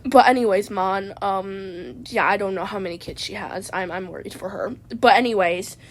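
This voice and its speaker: A woman's voice: mid-range voice, normal speed. A woman vlogger telling a rambling comedic story from inside a parked car, stammering and tacking "man" onto her sentences.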